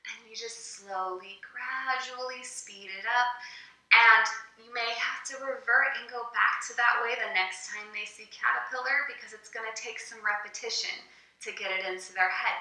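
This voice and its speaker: A woman teacher explains classroom tips in a calm, encouraging way, taking her time over each point. Her voice is very bright and a little high. She sits away from the mic in a strongly echoing room. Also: far from the mic. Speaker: online ESL teacher. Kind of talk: instructional teaching-tips video.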